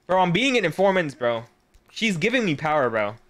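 A man streaming live, bantering excitably with his chat in casual, joking talk. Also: fairly high pitch, a little fast.

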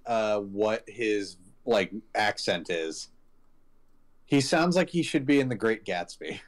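A man's voice: fairly low pitch, lively intonation, slow. A man streaming a horror game, reacting and thinking aloud as he plays, swearing often. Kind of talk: casual live gaming chat.

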